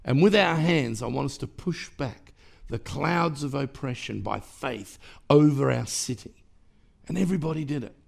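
A man's voice: medium pitch, expressive, unhurried, gravelly. A man preaching a sermon as pastor, emphatic and rhythmic, with repeated phrases and sudden rises in volume. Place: church.

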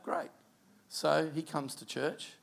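A middle-aged Australian man preaching a sermon as pastor, telling a personal story in an animated way with quiet asides. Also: fairly high pitch, slow, gravelly.

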